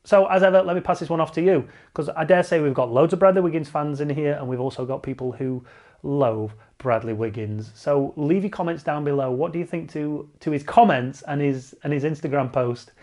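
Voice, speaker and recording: Brief: male cycling vlogger, slightly high voice, sarcastic and animated. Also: a little fast. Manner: lively and sarcastic, mocks other voices. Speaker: cycling channel host. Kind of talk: animated vlog commentary.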